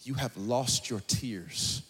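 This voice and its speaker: A man voicing God as a grave, solemn figure, speaking low, slow and hushed. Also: slightly rough, exaggerated voice.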